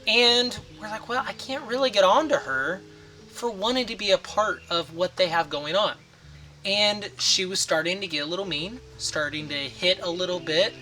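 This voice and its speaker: A man, a father of daughters, talks earnestly about raising children, steady and sincere in his delivery. He now and then slips into short quoted phrases, acting them out. Soft music plays faintly behind him. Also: high-pitched, moderate pace. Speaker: parenting channel host, father of daughters. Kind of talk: earnest advice talk to camera.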